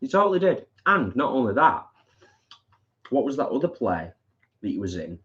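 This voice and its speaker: A man's voice: medium pitch, sing-song, moderate pace, fairly bright tone. A man with a mid-range voice reads out viewer comments and chats back on a live stream. His delivery is casual and friendly-paced. The recording sounds muffled and lo-fi. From England. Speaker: co-host reading viewer comments. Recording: dull lo-fi sound.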